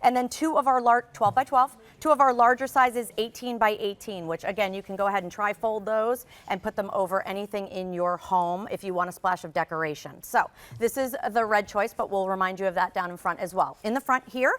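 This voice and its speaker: A woman's voice: mid-range voice, a little fast, few pauses, fairly bright tone. Gushing woman demonstrating products. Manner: enthusiastic, gushing. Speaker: product designer guest. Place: TV studio.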